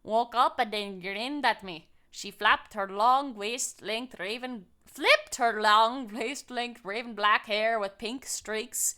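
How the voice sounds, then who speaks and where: A woman voicing a gothic teenage vampire girl who narrates her day, reading slowly in a shaky put-on Scottish-Irish accent. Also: a little high, bright, forceful tone. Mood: mock-dramatic. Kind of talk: comic dramatic reading of fan fiction.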